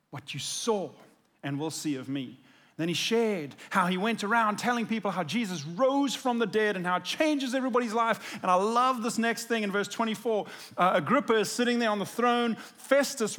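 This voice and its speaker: A man's voice: sits high, moderate pace, fairly bright tone. A man preaching a sermon, telling the story in a casual, conversational way and acting out the quotes. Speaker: pastor.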